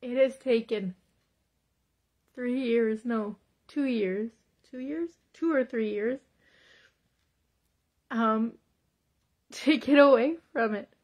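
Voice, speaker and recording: A woman's voice: a little high, slow, long pauses, a little mellow. A woman giving a devotional confession vlog, teary and fervent, repeating praise and urging viewers. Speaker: Christian vlogger.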